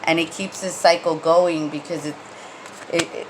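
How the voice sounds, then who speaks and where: A woman's voice: sits low, fairly even intonation, moderate pace. Give me a blunt, rambling woman reading tarot cards in a casual chat, with a faint noisy background. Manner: rambling, conversational, frequent fillers and restarts; blunt, gets heated. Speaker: tarot reader.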